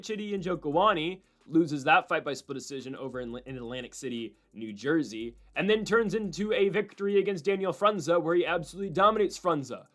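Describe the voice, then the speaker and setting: A man hosting a solo fight-prediction show, talking in an animated, opinionated way and slipping in quick voices of other people. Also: on the high side. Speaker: MMA prediction channel host.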